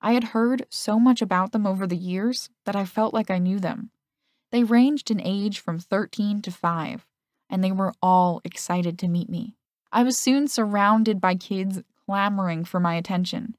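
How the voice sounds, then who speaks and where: A woman narrating a first-person romance audiobook in a steady storytelling manner. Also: medium pitch, a little slow, dry recording, studio quality.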